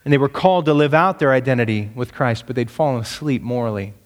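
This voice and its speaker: A man preaching a sermon as pastor. He speaks emphatically, pushes his pitch up to stress points, and asks the congregation rhetorical questions. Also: fast talker, long reverb tail.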